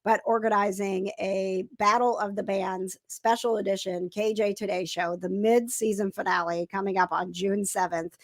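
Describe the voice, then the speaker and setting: A woman hosting a casual chat show, bubbly and excitable, talking quickly. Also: mid-range voice, no room sound. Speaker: podcast host.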